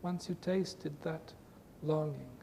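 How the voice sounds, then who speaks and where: A man giving an earnest spiritual talk to a group, with emphatic, repetitive phrasing, recorded in a reverberant hall with a faint rumble. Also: slow pace, creaky, warm tone. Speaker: spiritual teacher.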